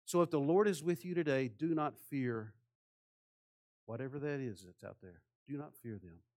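A pastor preaches passionately, asking rhetorical questions and swinging between soft, hushed phrases and loud ones. His voice is mid-range and he speaks at normal speed.

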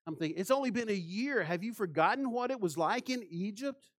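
Guy preaching a sermon, kinda high voice, fired up, lots of "how many times" questions, goes quiet then loud. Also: animated, fairly quick. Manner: impassioned, with many rhetorical questions and swings between soft and loud. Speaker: pastor.

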